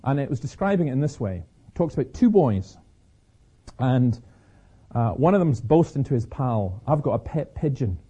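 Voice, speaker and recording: Husky Scottish preacher with a sore throat. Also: male voice, medium pitch, normal speed, long pauses. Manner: lively storyteller, repeats words as he restarts. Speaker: speaker. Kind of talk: preaching talk to an audience. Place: stage before an audience. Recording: slightly dull lo-fi recording.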